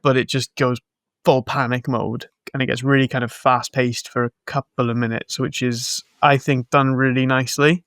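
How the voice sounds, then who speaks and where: A man's voice: medium pitch, creaky, fairly bright tone, no room sound, studio quality. A man co-hosting a podcast, recapping a film in a rambling, jokey, sarcastic way. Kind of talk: casual film-recap chat.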